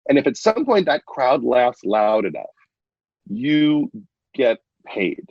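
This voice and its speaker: Husky man talking earnestly over muffled audio. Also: medium pitch, big pitch swings, slow pace, no room sound. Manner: earnest, reflective. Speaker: podcast guest. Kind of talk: casual conversation.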